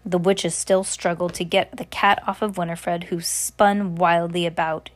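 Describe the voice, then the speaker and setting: A woman reading a novel aloud, narrating at a steady pace with occasional slips and restarts. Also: lowish voice, a little slow. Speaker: reader.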